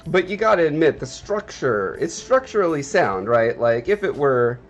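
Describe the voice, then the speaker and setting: A man's voice: a little high, very animated, moderate pace, dull audio. Wry, joking male streamer. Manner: joking, wry, talks to chat viewers. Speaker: livestream host, artist. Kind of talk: casual chat on a livestream.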